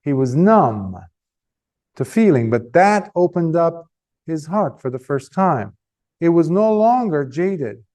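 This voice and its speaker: A man, a monk teacher, giving a dharma talk and telling a story with animated shifts of pace and emphasis. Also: on the high side, slow pace.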